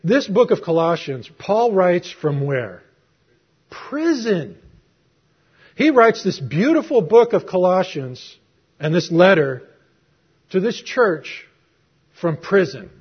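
A man's voice: sits high, very animated, slow, long pauses, slightly rough. A middle-aged man preaching a sermon, telling a personal story in a conversational way with rhetorical questions. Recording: muffled lo-fi recording.

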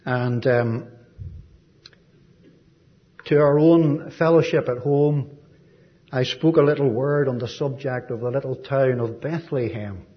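An Irish man giving a sermon as a visiting preacher, gentle and folksy, with frequent ums and asides. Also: medium pitch, steady tone, slow, pauses often, highs cut off. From Ireland.

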